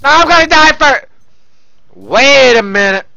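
A man commentating his own gameplay, loud and profane, often yelling into a close desk mic. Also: extremely high pitch, animated, measured pace, vocal fry, dry recording, highs cut off.

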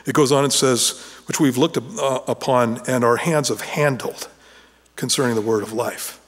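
Conversational pastor in a reverberant hall. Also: male voice, medium pitch, fairly even intonation, moderate pace. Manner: conversational, with restarts and rising animation when retelling scenes. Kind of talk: sermon. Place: church sanctuary.

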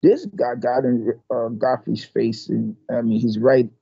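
An older man, a martial arts master, telling a story in an interview, animated and stumbling over repeated words. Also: mid-range voice, measured pace, gravelly, breathy edge, dry recording, dull audio.

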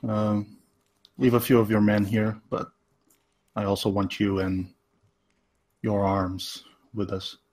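A male player speaks slowly and deliberately, giving orders as his character. His voice is low and husky. He sounds commanding. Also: completely flat delivery, a little mellow. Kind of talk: tabletop role-play.

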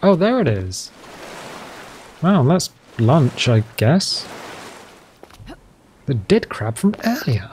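A man's voice: medium pitch, sing-song, takes it slowly, long pauses, darkish tone, slight background noise. A man giving casual let's-play commentary as a gaming channel host, chatty and walking through the game steps as he plays. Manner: chatty, explains game steps while playing.

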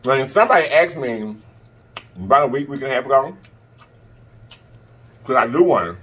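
A man's voice: medium pitch, animated, moderate pace, fairly bright tone, a little hiss or hum. A man vlogger talking casually to camera, chatty and repeating himself for emphasis. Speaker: mukbang vlogger.

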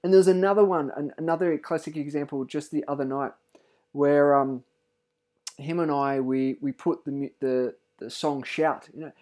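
A man's voice: a little high, steady tone, normal speed, a little mellow. A middle-aged man, giving an earnest, heartfelt parent's testimonial in a casual way and often restarting his sentences.

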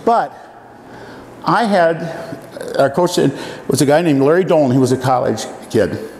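A man in his seventies, from Iowa, speaks to an audience in a folksy, halting way, filling pauses with "uh." His voice sits a little high for a man. The sound rings with long reverb from a large hall, with faint room noise underneath. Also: lively intonation, a little mellow. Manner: folksy, halting with many fillers. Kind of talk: storytelling talk to an audience.

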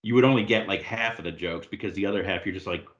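A man's voice: low voice, quick pace, lo-fi sound. A man from the United States, a guest author on a podcast, joking and telling stories in casual chat. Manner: joking, animated storyteller.

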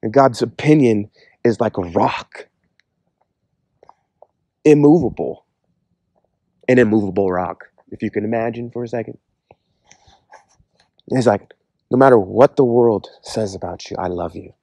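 A man speaks in a mellow, warm voice, recorded dry and close with no room sound. He delivers an earnest personal testimony in a loose, conversational way, leaning on casual fillers as he talks. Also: lowish voice, a little slow, long pauses, no room sound. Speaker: Christian speaker giving a testimony.

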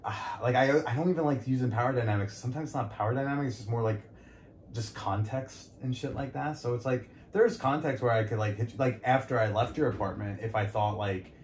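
A man's voice: medium pitch, brisk, darkish tone. A man, a podcast guest, talks in a casual, frank conversation, rambling with many fillers and self-corrections. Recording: echoey room, light background noise.

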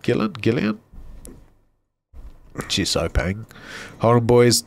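A man's voice: medium pitch, wildly swooping pitch, takes it slowly, vocal fry. A man co-hosting a podcast, talking in a casual, ranting way and swearing freely. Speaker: podcast co-host.

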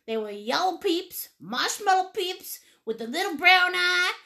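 A woman's voice: very high-pitched, expressive, a little slow, creaky, sharp tone. A woman leading a live painting lesson, chatty and encouraging, laughing often and greeting viewers with pet names. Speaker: painting instructor.

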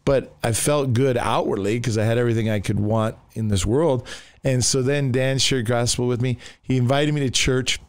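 Middle-aged pastor, male, from the United States. Rambling testimony teller who breaks into quoted voices. Smooth tone, dry close sound. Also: mid-range voice, fairly even intonation, normal speed, no echo. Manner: rambling storyteller with many restarts and fillers; acts out quoted voices in his story. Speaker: pastor telling his testimony. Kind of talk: casual testimony in a podcast conversation.

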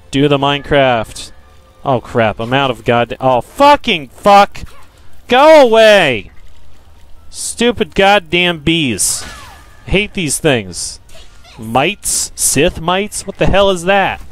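A young man giving profane, frustrated gameplay commentary, yelling at enemies and joking with viewers. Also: on the high side, clean tone. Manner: jokey self-promotion to viewers. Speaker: let's play gamer.

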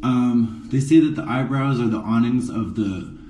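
A man's voice: mid-range voice, normal speed, mellow, reverberant, recorded from a distance, a little hiss or hum, rough recording. A man doing a drag makeup tutorial in a casual live stream, campy and sarcastic with rambling asides, in a dressing room before a show. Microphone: phone camera, a bit away.

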